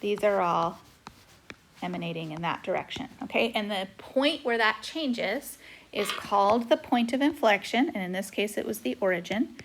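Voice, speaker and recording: With a mid-range, expressive voice at normal speed, a woman chats through a math lesson on a whiteboard recording, saying "okay" again and again. A little hiss or hum comes through her tablet microphone.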